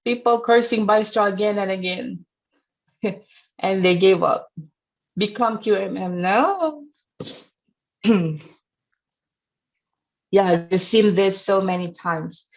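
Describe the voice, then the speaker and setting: A woman's voice: mid-range voice, slow, long pauses. A woman teaching a trading course in English that is not her first language, playful and teasing, often laughing at her examples. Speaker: trading instructor. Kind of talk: teaching a course over a chart. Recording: dull lo-fi sound.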